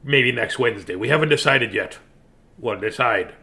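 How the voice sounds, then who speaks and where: A man hosting a bedtime story video, hoarse, talking in a playful, silly way with pirate growls. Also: medium pitch, moderate pace, pushed and bright. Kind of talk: casual bedtime sign-off to viewers.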